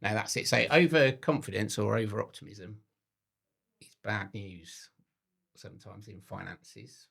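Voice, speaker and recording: A man from southeast England with a slight Birmingham twang, co-hosting a casual podcast chat in a thoughtful, self-mocking way that trails off softly. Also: fairly low pitch, expressive, measured pace, vocal fry, breathy edge. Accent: southeast English with a slight Birmingham twang. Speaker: podcast co-host.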